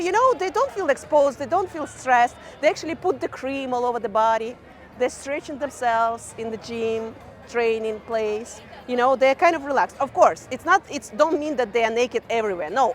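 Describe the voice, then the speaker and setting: Young Ukrainian-accented woman, vlogger, high bright pitch, chatty and loose with fillers. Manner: chatty, fillers like "kind of" and "you know". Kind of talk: casual talk to camera.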